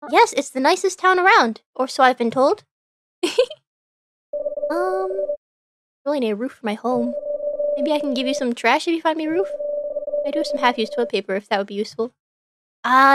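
A woman's voice: high-pitched, a bit bright. A woman streaming a video game, chatting and reading in-game dialogue aloud in a bubbly, playful way. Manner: bubbly, reads in-game characters in playful voices. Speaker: VTuber streamer. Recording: faint game music behind.

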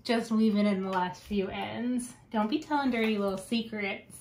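A woman's voice: medium pitch, steady tone, normal speed, darkish tone. Chatty woman hosting a craft podcast. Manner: chatty, laughs often, wanders onto tangents. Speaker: podcast host. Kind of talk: casual chat.

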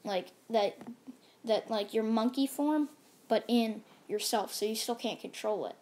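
A woman's voice: fairly high pitch, a little slow, darkish tone. A woman casually narrating a fan-made story, rambling with many fillers and restarts.

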